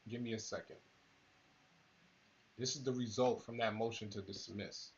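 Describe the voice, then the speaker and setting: A man's voice: lowish voice, steady tone, normal speed, muffled recording, slight background noise. A man hosting a live stream, talking casually and rambling straight to his viewers. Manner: laid-back, rambling, talks straight to viewers. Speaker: battle rap channel host.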